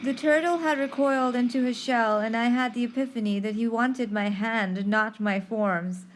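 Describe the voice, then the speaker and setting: A woman telling a story in an expressive podcast narration, reading dramatically with pauses. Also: on the high side. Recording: faint background noise.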